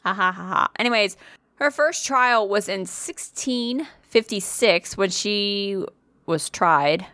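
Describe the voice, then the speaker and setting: Speaking slowly in a bright, forceful, medium-pitched voice, a woman co-hosting a podcast tells a story in relaxed chat. She curses liberally, laughs often, and makes fun of herself. The sound is dry and studio-clean.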